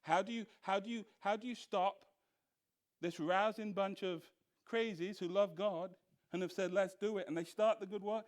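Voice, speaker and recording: Man, pastor teaching Bible study, slightly high voice, lively rhetorical questions, acts out other voices. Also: moderate pace. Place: church.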